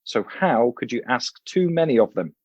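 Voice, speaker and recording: A man's voice: mid-range voice, expressive, moderate pace, breathy edge, no echo, muffled recording. A man voicing a fussy, prim elderly English professor with a clipped English accent. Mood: huffy. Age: older.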